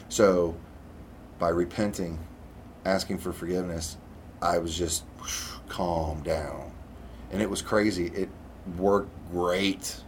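A man's voice: sits low, steady tone, slow, pauses often, a little hiss or hum. A man preaching a conversational sermon, reading scripture aloud and often checking in with "okay?".

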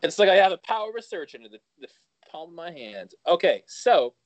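A man's voice: high voice, a little fast, no echo. A man co-hosting a podcast, chatting casually, restarting his sentences and acting out his own reactions. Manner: animated, trails off and restarts, acts out quoted reactions. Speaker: podcast co-host. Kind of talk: casual chat.

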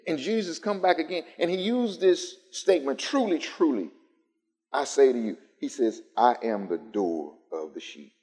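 A male pastor delivers a sermon to his congregation in a church sanctuary. His voice sits a little high and climbs into emphatic, repeated phrases. A long hall reverb rings behind every line. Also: expressive, moderate pace, a little mellow. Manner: preaching with swelling, emphatic repetition. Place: church sanctuary, live-streamed.

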